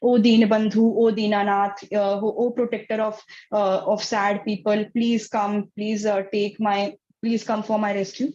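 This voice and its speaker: A woman's voice: mid-range voice, little pitch movement, warm tone, dull audio, natural voice. A woman doing a tearful pleading princess. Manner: pleading, halting.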